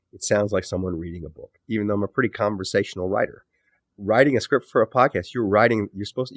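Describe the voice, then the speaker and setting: Middle-aged male author guest, low voice, reflective, restarts sentences, close dry mic. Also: dry recording. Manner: thoughtful, self-correcting, trailing off low at phrase ends. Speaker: author and podcast host, guest. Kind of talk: conversational interview answers.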